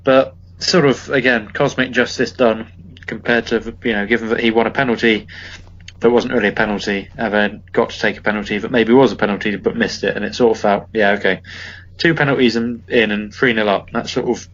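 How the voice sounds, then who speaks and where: A man's voice: fairly low pitch, fairly even intonation, brisk, a bit bright, slight background noise. A man co-hosting a podcast, chatting casually about football, rambling with lots of fillers and restarts. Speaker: podcast co-host. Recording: dull lo-fi podcast audio.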